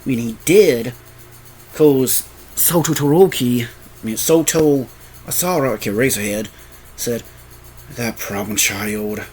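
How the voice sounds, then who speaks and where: Sleepy, rambling fan story narrator. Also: male voice, medium pitch, expressive, measured pace, long pauses, darkish tone, faint music behind, poor audio. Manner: rambling, often correcting names and restarting. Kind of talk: improvised fan story reading.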